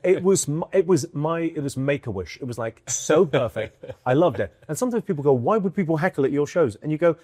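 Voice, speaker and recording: Animated British man telling stories. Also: fairly high pitch, no echo, studio quality. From United Kingdom. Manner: quick, lively storytelling with acted-out quotes and bursts of laughter. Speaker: guest comedian. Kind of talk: animated conversational storytelling.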